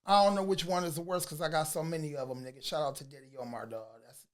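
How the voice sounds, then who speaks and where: A man telling a personal story in a casual, slangy way, swinging from low mutters to loud bursts. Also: fairly even intonation, quick pace. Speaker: vlogger.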